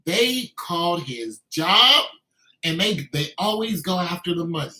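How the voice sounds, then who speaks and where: A man's voice: sits high, expressive, unhurried, pushed and bright. A man delivering an emphatic, repetitive, scolding rant as a video commentator. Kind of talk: ranting commentary. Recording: echoey room.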